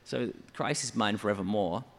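With a lowish voice at a moderate pace, a man who writes music for church explains his method step by step in an interview. The sound is that of a big room, and his manner is methodical and explanatory as he counts syllables aloud.

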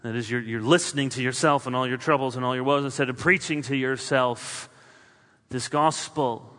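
A man preaching a sermon as a pastor, building through spoken lists and then dropping quiet for emphasis. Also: mid-range voice, steady tone, moderate pace. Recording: long hall reverb.

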